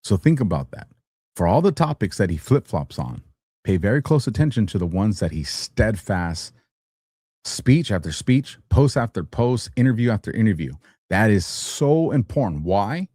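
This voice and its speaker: A man's voice: on the low side, very animated, normal speed, darkish tone, breathy edge, no echo, studio quality. A man hosting a livestream show, talking casually and animatedly, teasing his chat and laughing often. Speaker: host.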